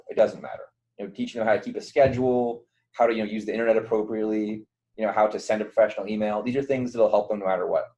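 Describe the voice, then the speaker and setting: A man's voice: lowish voice, darkish tone, low-quality recording. A young man giving a casual online training to volunteer mentors, loose and conversational, with lots of fillers and restarts. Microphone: computer mic on a virtual call.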